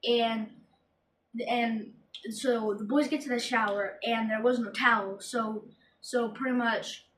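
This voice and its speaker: A woman co-hosting a casual horror review chat, halting, saying "like" often and restarting her sentences. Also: a little high, steady tone, fairly bright tone, a little hiss or hum. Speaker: podcast co-host. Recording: echoey room, distant from mic.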